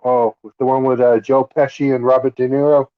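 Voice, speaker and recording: A man's voice: medium pitch, flat delivery, fairly quick. A man in a casual podcast chat who asks questions and hesitates with fillers. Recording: dull lo-fi sound.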